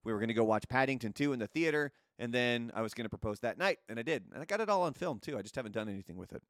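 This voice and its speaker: A man's voice: medium pitch, animated, very fast, fairly bright tone, no room sound, studio quality. Chatty opinionated man hosting. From United States. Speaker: host. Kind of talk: casual news commentary show.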